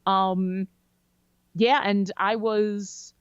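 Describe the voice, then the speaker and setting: A woman guest on a podcast, chatty and animated as she tells a story about a game. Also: medium pitch, extremely slow, clean tone, no room sound. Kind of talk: casual storytelling interview. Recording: dry, slightly dull lo-fi sound.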